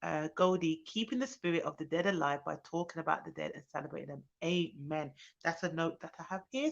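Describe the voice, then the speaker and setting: A young woman, a nanny, chatting casually on her live stream, reading viewers' comments aloud and greeting them with excited bursts. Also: sits low, fairly quick, creaky, hardly any pauses. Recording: dull lo-fi sound.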